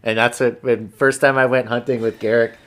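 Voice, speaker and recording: A man's voice: mid-range voice, little pitch movement, fairly quick, fairly bright tone. Blunt, cursing man. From British Columbia, Canada. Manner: profane, blunt, laughs easily. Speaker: podcast host. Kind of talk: casual chat, storytelling.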